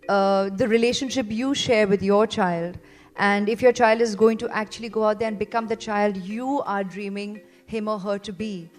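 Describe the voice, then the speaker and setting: A woman in her forties from India gives a heartfelt speech to a seated audience. She talks earnestly and gently at a middle pitch, with many ums and repeated phrases. Soft music plays faintly behind her. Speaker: parent giving a testimonial speech. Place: event venue before a seated audience.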